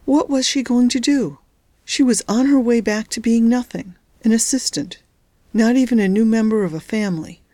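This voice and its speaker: A woman narrating a novel in a steady, measured storytelling voice. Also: a little high, no echo, clean studio sound. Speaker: audiobook narrator. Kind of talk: scripted narration.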